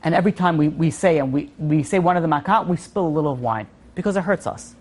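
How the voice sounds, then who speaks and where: A man's voice: a little high, quick pace. A man teaches an informal Torah lesson in a storytelling way. He talks with animation and often stops and restarts his sentences as he works through the point.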